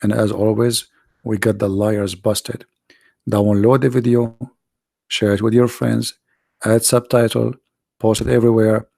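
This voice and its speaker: Gravelly-voiced man, sarcastic and tired. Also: lowish voice, little pitch movement, unhurried, a little mellow, no room sound, studio quality. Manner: sarcastic, mocking, rhetorical questions. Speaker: video host and preacher. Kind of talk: mocking commentary monologue.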